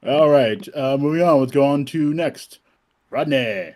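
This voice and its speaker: A man's voice: mid-range voice, unhurried, darkish tone. Rambling male game master. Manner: rambling, self-correcting narration. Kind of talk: narrating a tabletop game.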